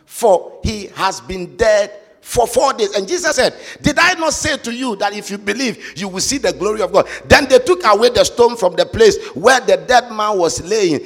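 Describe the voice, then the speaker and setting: A man preaching a sermon, emphatic and sing-song, rising to shouts and asking the congregation to repeat phrases. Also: high-pitched, lively intonation, moderate pace. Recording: reverberant hall with faint music.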